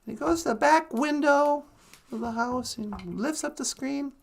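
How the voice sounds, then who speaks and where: A woman telling a folk tale in a casual, animated way, laughing often. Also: sits high, moderate pace, creaky. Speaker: storyteller. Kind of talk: casual storytelling.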